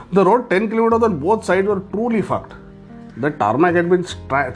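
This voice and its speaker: Man, travel storyteller, sardonic and profane, lively melodic voice, faint guitar music behind. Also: a little high. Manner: sardonic, profane, laughs as he talks. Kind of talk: humorous travel narration.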